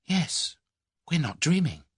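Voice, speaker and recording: Man putting on a bold young woman, eager and excited, raised lilting voice, dry close sound. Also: slow, husky, no room sound, full character voice. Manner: excited, high-pitched.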